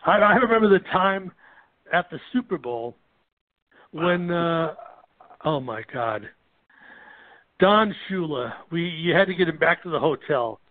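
A man host chatting with excitement as he reminisces with a friend. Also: a little high, unhurried, pauses often. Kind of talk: casual chat. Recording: phone-like narrow sound.

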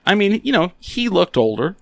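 A man's voice: high voice, very animated, normal speed, gravelly, no echo. A man co-hosting a casual chat, telling a story with lots of swearing and acted-out quotes. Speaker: podcast co-host.

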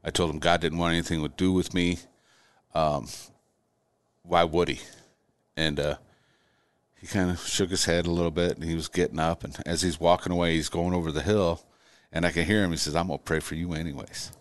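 A middle-aged man with a very deep, low voice tells a personal story, often stumbling over and repeating his words. The recording is close and dry, with no room sound. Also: fairly even intonation, no room sound. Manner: halting, repeats words while recounting. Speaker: guest.

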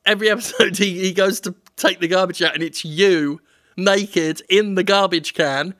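High, bright-voiced man cracking jokes. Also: fairly even intonation, normal speed, no room sound, studio quality. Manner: joking, riffs on absurd ideas. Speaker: podcast co-host. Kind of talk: casual podcast banter.

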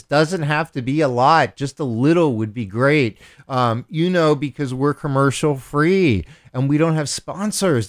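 A man's voice: a little high, clean tone. A man hosting a radio show, making a playful, rambling on-air appeal for donations with jokes and wordplay. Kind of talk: casual on-air donation pitch. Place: radio studio.

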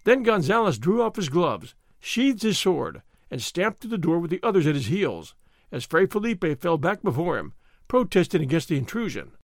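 High-voiced man narrating an audiobook. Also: sing-song, moderate pace, no echo, studio quality.

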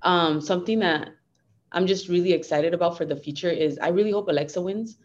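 A woman's voice: on the low side, brisk, highs cut off. A young woman fighter talking earnestly and upbeatly as a guest in a casual interview. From United States. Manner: earnest, upbeat, code-switches Spanglish.

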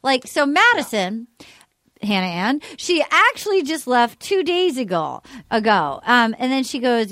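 A woman's voice: a little high, sing-song, unhurried, fairly bright tone, no echo, studio quality. A woman hosting a podcast, chatting casually and swearing, acting out quotes in exaggerated voices. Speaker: podcast host. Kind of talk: casual chat recapping a reality show.

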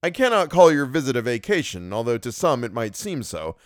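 A man's voice: medium pitch, big pitch swings, brisk, no echo, clean studio sound, lightly acted. A man reading an audiobook, voicing a cheerful, fussy older male doctor in an effusive, hearty manner. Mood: jovial.

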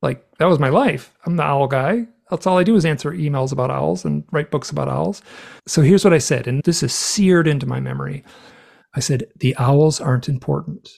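A man, a guest author in an interview, tells a personal story with animated energy, acting out the dialogue as he goes. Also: fairly high pitch, brisk, vocal fry. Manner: animated, acts out dialogue while retelling events.

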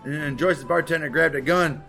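A man co-hosting a podcast, telling a story in crude, casual chat, swearing and laughing often and acting out loud quotes. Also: fairly high pitch, moderate pace, gravelly, soft background music. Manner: profane, laughing, acts out quotes in loud voices. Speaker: podcast co-host.

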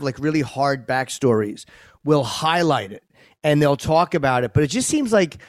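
A male co-host thinking aloud in a casual interview, often stopping to correct himself. His voice is slightly high for a man, and the recording is dry and close. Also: no room sound. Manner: reflective, halting, self-correcting. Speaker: podcast co-host.

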